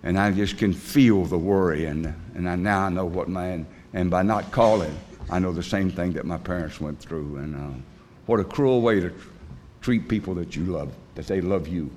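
Older man, low voice, rambling testimony. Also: a little mellow, a little hiss or hum. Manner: rambling, plain-spoken storytelling with frequent pauses; earnest and confessional, folksy grammar. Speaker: speaker at a recovery meeting. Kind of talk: personal testimony talk.

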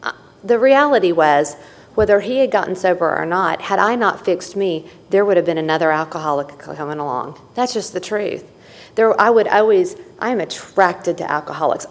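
A woman's voice: lowish voice, moderate pace. Candid woman speaking in an echoey hall. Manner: candid and earnest, with repeated phrases and restarts. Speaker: recovery meeting speaker. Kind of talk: personal testimony to a group.

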